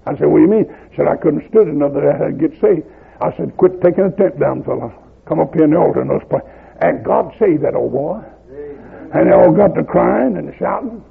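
Older man, Southern accent, revival preacher, raspy gravelly voice, high-pitched, tinny lo-fi recording. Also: animated, fairly quick. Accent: Southern American. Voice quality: gravelly, husky voice. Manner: rhythmic, rising to shouts at climaxes. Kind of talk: revival sermon storytelling. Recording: lo-fi phone-like old tape.

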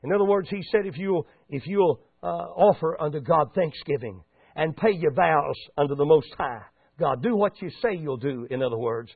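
A man's voice: a little high, normal speed, gravelly, husky, no room sound. A man preaching a sermon in a folksy manner that rises into fervent exhortation, heard over a tinny radio broadcast.

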